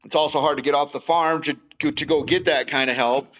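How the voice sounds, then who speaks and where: A man's voice: on the high side, steady tone, brisk, fairly bright tone, a little hiss or hum, poor audio. A middle-aged man, telling his story as a podcast guest and acting out both sides of each conversation. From Wisconsin. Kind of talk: casual storytelling.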